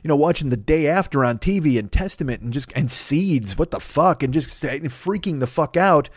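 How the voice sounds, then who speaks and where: A man's voice: a little high, expressive, moderate pace, no room sound, studio quality. A middle-aged man hosting a comedy podcast, talking in a rambling, profane, self-deprecating monologue full of tangents. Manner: profane, self-deprecating, jumps between tangents and mock voices.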